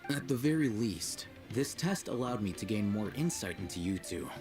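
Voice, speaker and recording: An actor playing a cool, calculating male scholar in a game, measured and matter-of-fact. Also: fairly low pitch, expressive, darkish tone, soft background music, lightly acted. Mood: detached.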